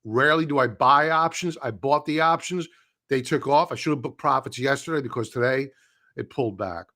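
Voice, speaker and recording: Hosting a live stock-trading stream, a man gives casual, blunt market commentary, scoffing at headlines and repeating points for emphasis. His mid-range voice is bright and forceful, moving a little fast.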